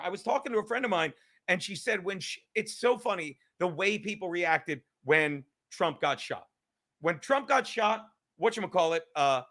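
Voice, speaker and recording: A middle-aged man hosting his own show, ranting in a loud, profane, excitable comedic monologue. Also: high-pitched. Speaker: podcast host.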